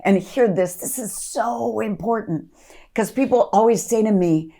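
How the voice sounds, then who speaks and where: A woman's voice: medium pitch, measured pace, mellow. A woman ministry leader giving an earnest podcast teaching talk, reading scripture aloud and coaching listeners.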